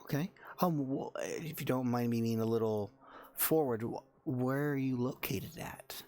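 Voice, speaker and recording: A man narrating as game master in a casual, halting way with many fillers. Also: medium pitch, mellow.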